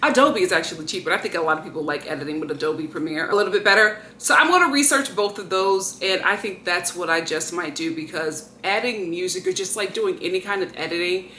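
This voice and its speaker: A woman's voice: fairly low pitch, fast, few pauses, pushed and bright, slight background noise. A woman vlogging casually at home, exclaiming and grumbling to her viewers as she unboxes something. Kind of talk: casual vlog chat. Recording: roomy echo, faint ambience.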